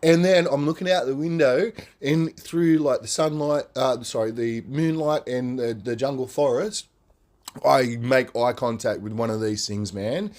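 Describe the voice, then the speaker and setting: A man on a podcast, telling a story in a casual, animated way, swearing freely and tagging lines with "man" and "right?". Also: mid-range voice, measured pace.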